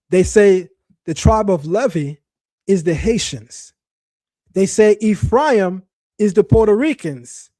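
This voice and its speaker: A middle-aged man, the son of West Indian parents, hosting a commentary talk to a live chat in an animated, mocking, emphatic way, often restarting his phrases. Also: sits high, dry recording, studio quality. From child of West Indian parents. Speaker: host.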